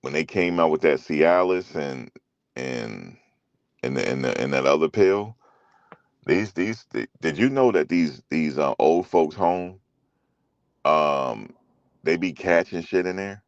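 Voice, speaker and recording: A man's voice: very deep voice, animated, takes it slowly, gravelly, no echo, dull audio. A middle-aged man talking loosely and casually as a commentary host, rambling through stories with slang and profanity.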